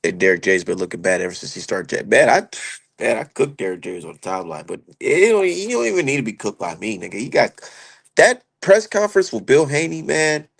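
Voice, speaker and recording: A man's voice: mid-range voice, sing-song, fairly quick, vocal fry, husky. A young man giving heated, profane, slangy commentary as a streamer. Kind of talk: ranting casual commentary.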